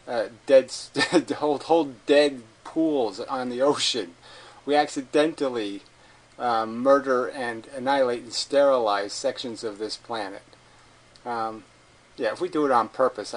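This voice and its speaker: A man's voice: medium pitch, poor audio. A man giving a combative, sarcastic commentary as a video host, swearing and mocking the people he argues against. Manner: mocks opponents in put-on voices. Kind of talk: ranting commentary.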